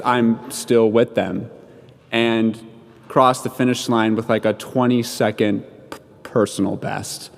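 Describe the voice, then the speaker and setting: A man giving a homily in a church, telling a personal story in a casual, conversational way with many "like" fillers and chuckling at himself. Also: mid-range voice. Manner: chuckles at his own story. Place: church sanctuary. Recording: long church-hall reverb.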